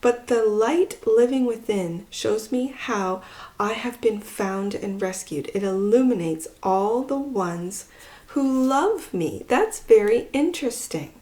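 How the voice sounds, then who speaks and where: A woman giving a pick-a-card tarot reading, talking in a musing way, with phrases that trail off softly. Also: on the high side, lively intonation, slow pace. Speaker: tarot reader.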